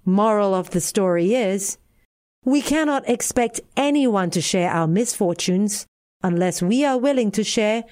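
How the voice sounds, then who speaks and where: A woman with a Singaporean accent reading a bedtime fable aloud in a gentle, expressive way. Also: mid-range voice, measured pace. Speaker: narrator.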